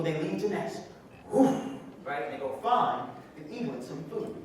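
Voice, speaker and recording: Animated male preacher in an echoey hall. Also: high voice, recorded from a distance, slight background noise. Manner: animated, calls to the crowd. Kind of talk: sermon storytelling.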